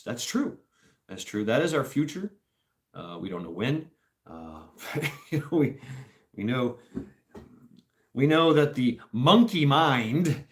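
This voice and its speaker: Slow, low-voiced man chatting casually. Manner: rambling, chuckling, slow and drawn out. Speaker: livestream host. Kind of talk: casual livestream chat.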